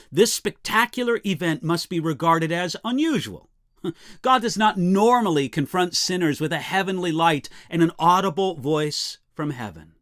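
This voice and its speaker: A man, a pastor, giving a daily devotional Bible teaching in an expressive, emphatic way with deliberate pauses. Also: fairly high pitch, dry recording, clean studio sound.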